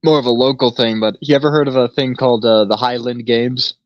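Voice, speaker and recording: A man's voice: medium pitch, steady tone, brisk, no echo. Laid-back man telling a story, lo-fi. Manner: laid-back storyteller, swears freely, laughs often. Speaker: podcast co-host. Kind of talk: casual chat. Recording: slightly dull lo-fi sound.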